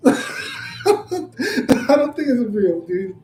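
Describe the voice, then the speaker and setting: Streaming live against a noisy background, a man with a high voice attempts to read aloud. He repeatedly breaks down laughing helplessly, getting words out only slowly and haltingly between bouts.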